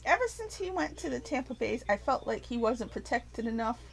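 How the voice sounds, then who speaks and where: A woman ranting casually to her viewers, animated and profane, rambling with frequent restarts. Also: on the high side, a little fast, gravelly, slightly rough, rough recording. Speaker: vlogger. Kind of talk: casual rant to camera.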